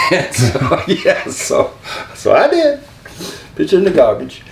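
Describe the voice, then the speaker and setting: An older man, a guest in an interview, telling rambling, folksy stories about his career and often starting his sentences over. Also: sits low. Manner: rambling, folksy, with many restarts. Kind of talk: storytelling interview. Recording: distant, echoey room with faint hum.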